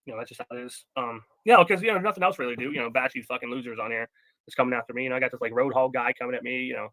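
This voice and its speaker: A man's voice: medium pitch, racing, bright, forceful tone, no room sound, poor audio. A man hosting a live stream, talking loosely and profanely with lots of fillers. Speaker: stream host. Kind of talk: casual live-stream chat.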